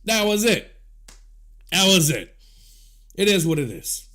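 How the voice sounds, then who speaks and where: A man's voice: sits high, sing-song, measured pace, pushed and bright. Guy ranting hard, swearing nonstop, voice jumps all over. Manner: heated, profane, repetitive scolding. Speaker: commentator. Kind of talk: angry rant to camera.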